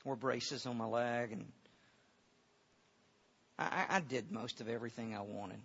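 Husky-voiced male preacher, dull recording. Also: mid-range voice, measured pace, a bit bright. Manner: earnest, repeats words and restarts often. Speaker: pastor. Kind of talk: sermon with personal story.

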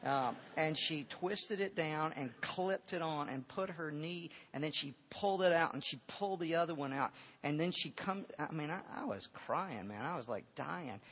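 On a dull, lo-fi recording, a pastor with a husky, rather bright voice on the high side delivers a sermon built around a personal story. He's earnest, often repeating words and starting over.

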